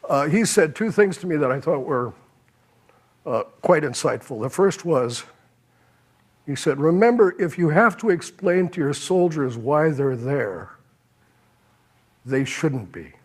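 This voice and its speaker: Older male panelist, somewhat high voice, anecdotal storyteller who quotes others. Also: animated, unhurried, pauses often, breathy edge. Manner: anecdotal, quotes others, chuckles at his own stories. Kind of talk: panel talk, telling anecdotes.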